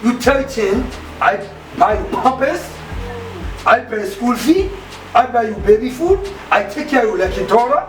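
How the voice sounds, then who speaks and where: A man's voice: very high-pitched, expressive, normal speed, over music. An emphatic Bahamian father. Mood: upset, pleading. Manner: emphatic, repeats himself, broken grammar. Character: adult man, a hot-tempered but doting father. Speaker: actor in a low-budget feature film. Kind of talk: naturalistic film acting. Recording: roomy, distant, with background noise.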